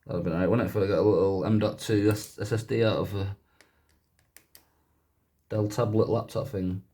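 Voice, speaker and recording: A man's voice: lowish voice, steady tone, fairly quick, warm tone. A man casually talking through a gadget teardown in a chatty, rambling way, often correcting himself. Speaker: YouTuber doing a gadget teardown.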